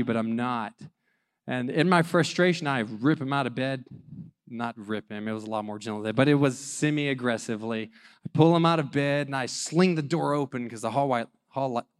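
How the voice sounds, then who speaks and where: Smooth-voiced man telling a family story. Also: medium pitch, a little slow. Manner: animated, self-mocking, acts out dialogue. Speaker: father telling his story. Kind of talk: personal storytelling testimony.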